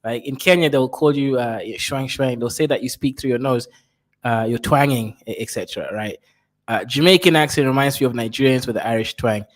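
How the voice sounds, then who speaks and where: A man reacting to a video in casual commentary, animated and jokey. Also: a little fast. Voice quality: animated and jokey, with swings in pitch. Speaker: reaction streamer.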